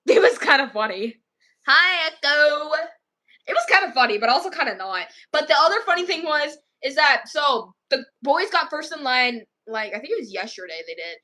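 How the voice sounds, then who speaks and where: A young female vlogger rambles through a storytime with a bright, clear voice pitched a little high. She keeps it casual and loose, stringing events together with "I was like.". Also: expressive, brisk, few pauses.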